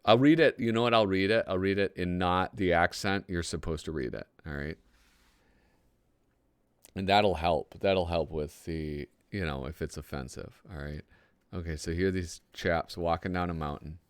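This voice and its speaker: A man's voice: low voice, normal speed, clear, resonant tone, dry recording, clean studio sound. A man hosting a casual comedic commentary, reading old magazine jokes aloud with self-deprecating asides and frequent chuckles.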